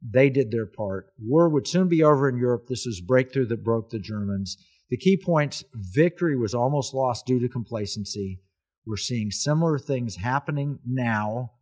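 A man's voice: mid-range voice, animated, normal speed, darkish tone. Guy telling war history on a talk show, earnest, hammers points home. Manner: earnest storytelling, emphatic repetition.

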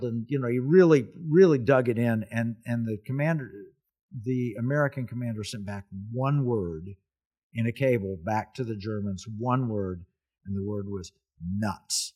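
A talk-show host tells a wartime story in a casual history talk, earnest and emphatic, repeating phrases. His medium-pitched voice has a dark tone at a moderate pace.

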